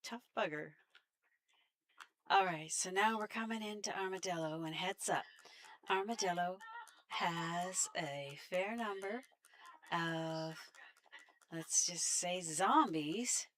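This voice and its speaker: A woman's voice: lowish voice, slow pace, long pauses, fairly bright tone. A Canadian woman with a Canadian accent, chatting casually while playing a game and talking to the enemies on screen. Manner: chatty, laughs often, talks to enemies. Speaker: game streamer. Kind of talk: casual gameplay commentary.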